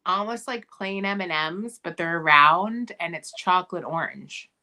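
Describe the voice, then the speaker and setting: Playful woman with a bright voice. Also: on the low side, measured pace. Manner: playful, teasing. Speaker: host. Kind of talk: casual chat.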